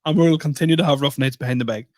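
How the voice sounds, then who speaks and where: A man co-hosting a casual podcast laughs through self-deprecating stand-up stories. His voice sits a little high for a man and is recorded close and dry. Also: rapid-fire, darkish tone, dry recording. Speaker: podcast co-host and stand-up comedian. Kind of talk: casual chat.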